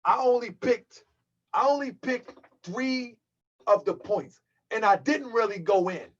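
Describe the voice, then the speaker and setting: Unhurried and high-voiced, a man rants heatedly on his own channel's livestream, mocking freely and calling his audience family. The sound quality is lo-fi.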